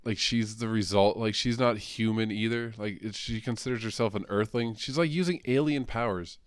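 A man's voice: fairly low pitch, moderate pace, clear, resonant tone, dry recording. A man co-hosting a casual comic book podcast, crude and joking, rambling with lots of fillers. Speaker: podcast co-host.

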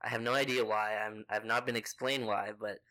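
A man's voice: on the low side, steady tone, a little fast, sharp tone, rough recording. A man co-hosting a podcast, chatting casually with wry, puzzled asides. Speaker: podcast co-host. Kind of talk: casual chat.

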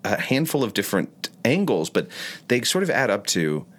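A low-voiced man co-hosting a podcast. His pitch rises and falls a lot as he talks, and he stops to rephrase his thoughts as he goes. The tone is relaxed and conversational. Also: moderate pace. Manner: thoughtful, with searching restarts. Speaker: podcast co-host. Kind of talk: casual podcast chat.

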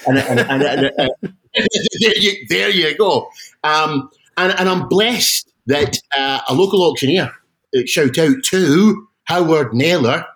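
A middle-aged Scottish man, a guest auctioneer, telling stories in a casual interview with animated, self-deprecating restarts. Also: a little high, a little slow, poor audio. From Scotland.

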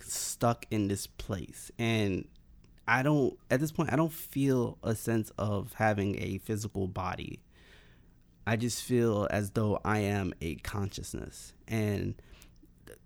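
A man's voice: lowish voice, gravelly. A man telling a personal story in casual conversation, rambling with plenty of "like" and restarts.

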